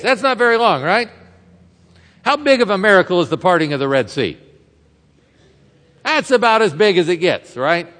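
A man's voice: on the high side, a bit bright, in a large hall. A man preaching an expository sermon in a conversational way, often putting rhetorical questions to the congregation. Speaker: pastor.

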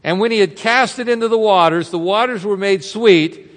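A man with a high voice preaches a verse-by-verse sermon, keeping it conversational and asking the congregation rhetorical questions. His voice rings with the long reverb of a large hall. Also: normal speed, fairly bright tone. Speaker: pastor. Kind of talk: expository sermon.

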